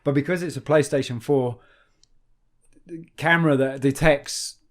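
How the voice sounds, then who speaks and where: Male co-host, mid-range voice, talks in loose animated bursts with restarts. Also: medium pitch, measured pace. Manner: rambling, animated, with frequent restarts and swearing. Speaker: podcast co-host. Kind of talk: casual chat.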